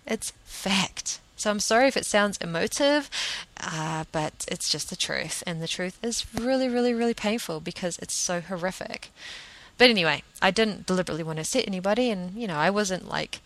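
Rambling New woman, lowish voice. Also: lively intonation, a little fast, a bit bright, rough recording. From New Zealand. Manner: rambling, earnest, emphatic. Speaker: podcast host. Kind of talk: solo podcast monologue.

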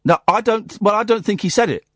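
A man's voice: high-pitched, lively intonation, fairly bright tone, no room sound, clean studio sound. A British man hosting a radio phone-in, casually chatting, interrupting and correcting his caller. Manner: interrupting, skeptical, quick to correct.

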